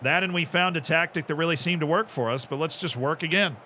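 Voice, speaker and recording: A man's voice: fairly high pitch, fast talker, sharp tone, a little hiss or hum. A man streaming a football management game, chatting casually, reacting to the match and answering his chat. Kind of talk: live gameplay commentary.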